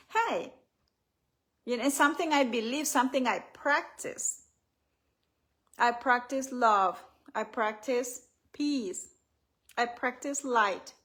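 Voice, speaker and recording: A woman leading a live spiritual healing reflection, speaking gently, repeating affirmations and reading aloud from her own book. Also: a little high. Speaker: author and healing coach.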